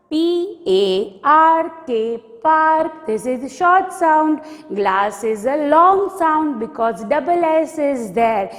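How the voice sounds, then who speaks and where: A woman teacher with an Indian English accent, slowly spelling out words letter by letter in a phonics lesson for small children. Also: high-pitched, fairly bright tone, big-room sound. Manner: slow, sing-song spelling out letter by letter. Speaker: pre-primary teacher.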